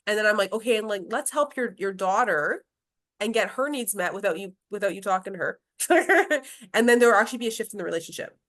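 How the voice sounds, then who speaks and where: A woman's voice: mid-range voice, expressive, fast, a bit bright. A woman who works as a grief specialist, talking casually in an interview with many restarts, fillers and laughs.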